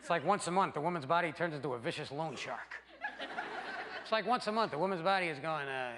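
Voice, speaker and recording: A man doing a stand-up routine, animated and crude, acting out voices for his punchlines on a live stage. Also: on the high side, fast talker. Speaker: stand-up comedian. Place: theater stage before a laughing audience. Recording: live stage with long reverb and loud noise.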